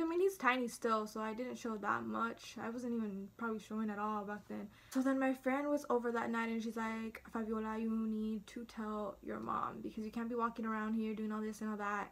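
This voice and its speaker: A woman's voice: a little high, steady tone, a little fast, creaky, hardly any pauses. A teenage girl vlogging in a chatty storytelling way, acting out what everyone said. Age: teens. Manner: chatty, dramatic, acts out quotes. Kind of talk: casual storytime.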